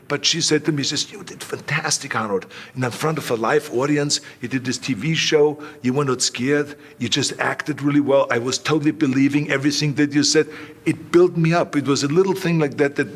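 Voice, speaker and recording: Older man, interview guest, middle pitch, animated storytelling, acts out quotes. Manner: animated anecdotes, acting out quoted lines.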